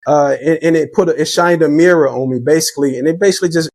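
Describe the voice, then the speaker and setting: A man's voice: a little high, fast, a little mellow, no echo. A middle-aged man telling personal stories as a podcast guest, reflective and earnest, often restarting his sentences. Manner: reflective, faith-driven, repeats words when starting sentences. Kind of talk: earnest conversational storytelling.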